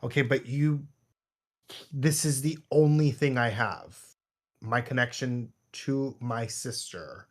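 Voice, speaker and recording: A man playing in a tabletop game, speaking hesitantly with halting phrases and fillers. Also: medium pitch. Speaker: player. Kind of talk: casual tabletop role-play.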